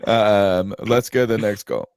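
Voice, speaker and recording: A man's voice: on the low side, steady tone, a little slow, vocal fry, clean tone, no echo, studio quality. A man hosting a sports podcast, taking calls in an easygoing way. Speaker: podcast host. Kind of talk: casual sports chat.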